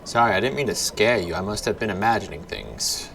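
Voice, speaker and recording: A man's voice: fairly low pitch, animated, brisk, creaky, a bit bright, a little hiss or hum. A man voicing a small flying machine companion in a video game, speaking politely and helpfully in a matter-of-fact way.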